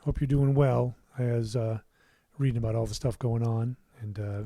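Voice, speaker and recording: Middle-aged male musician, relaxed rambling livestream host, dry close studio sound. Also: mid-range voice, moderate pace, no echo. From United States. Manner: rambling, warm asides, many fillers and restarts. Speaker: musician hosting his own livestream. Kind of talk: casual livestream chat. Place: his home recording studio.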